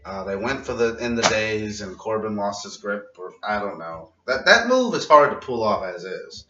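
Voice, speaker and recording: A man's voice: on the low side, sing-song, normal speed, sharp tone, far from the mic, faint music behind. A man casually recapping a wrestling show in a rambling, profane vlog, laughing at his own jokes. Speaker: vlogger reviewing wrestling. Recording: roomy, muffled and off-mic.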